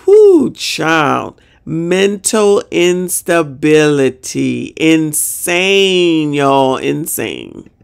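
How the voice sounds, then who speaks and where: A woman's voice: low voice, animated, normal speed, vocal fry. A woman hosting a reaction show, ranting in a sassy, exasperated way with mild profanity. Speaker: reaction channel host. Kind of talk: reaction commentary.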